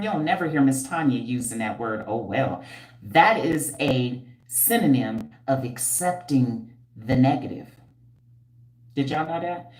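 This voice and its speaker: A woman's voice: sits low, echoey room. A woman hosting a casual livestream, blunt, slangy and teasing, breaking into squeals and laughs as she reads viewer comments. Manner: animated and preachy, with frequent squeals and laughs. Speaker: livestream host and hair care entrepreneur.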